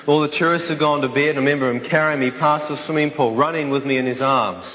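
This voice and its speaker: A man's voice: on the high side, steady tone, fast. A man giving a dramatic personal testimony, telling it vividly and acting out the other voices. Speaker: speaker telling his life story. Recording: dull recording with long hall reverb.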